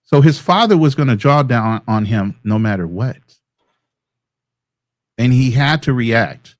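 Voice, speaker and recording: A man's voice: mid-range voice, animated, unhurried, dry recording. Chill cohost guy explaining stuff, dry close sound. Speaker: podcast co-host. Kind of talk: casual discussion.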